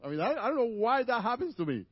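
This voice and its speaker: A man's voice: extremely high pitch, sing-song, fast talker, husky, dry recording, dull audio. A man with a Spanish accent, native Spanish speaker, preaching a conversational sermon to a church congregation with asides to the listeners.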